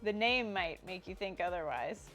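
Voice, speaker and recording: A woman's voice: on the low side, animated, moderate pace, a bit bright, faint music behind. A woman co-hosting a casual stream, giggling often and reading out viewer comments. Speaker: stream co-host.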